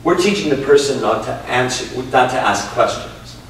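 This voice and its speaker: A man, an improv teacher, talking in a casual interview, animated, laughing often and swearing freely. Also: mid-range voice, normal speed. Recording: echoey room from a distant mic with noise.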